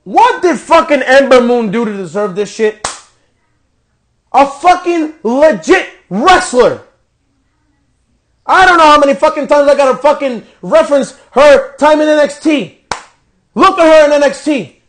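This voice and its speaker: A man's voice: extremely high pitch, expressive, a little slow, long pauses, fairly bright tone. A man hosting a podcast, delivering a profane, exasperated rant reviewing a wrestling show. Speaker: podcast host.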